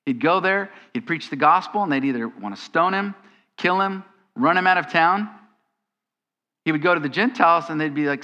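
A man's voice: high-pitched, normal speed, bright, forceful tone. A man preaching a sermon as pastor, in a conversational style that turns to emphatic questions. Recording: long hall reverb.

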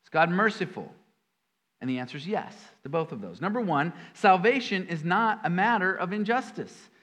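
Animated preacher man, emphatic bursts. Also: high voice, moderate pace. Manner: animated, with sudden emphatic jumps and folksy asides. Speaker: pastor. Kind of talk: sermon.

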